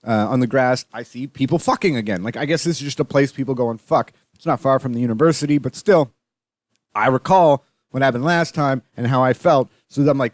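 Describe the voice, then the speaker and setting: Speaking briskly in a mid-range voice, the young Canadian podcast host is recorded dry at studio quality. He rambles through stories in a casual, profane monologue and livens up when retelling them.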